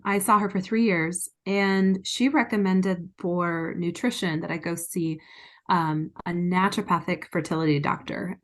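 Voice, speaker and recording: A woman guest in an interview, telling her own story in an earnest and emotionally frank way. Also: mid-range voice. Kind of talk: candid personal storytelling.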